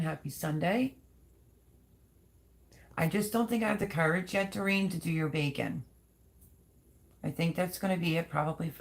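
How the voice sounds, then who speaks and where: Her voice sits low and creaky as this middle-aged woman runs a laid-back livestream. She talks at length, reads out what viewers comment, and wanders through her thoughts aloud.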